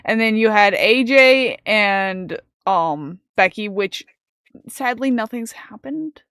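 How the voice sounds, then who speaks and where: A woman hosting a livestream, chatting casually and excitably with lots of "like". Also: medium pitch, takes it slowly, clean tone, no room sound, clean studio sound. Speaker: VTuber host. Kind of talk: casual chat.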